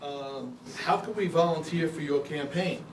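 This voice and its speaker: A man's voice: on the high side, moderate pace. Distant echoey man reading questions. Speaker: question moderator. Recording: echoey room, far from mic, faint noise.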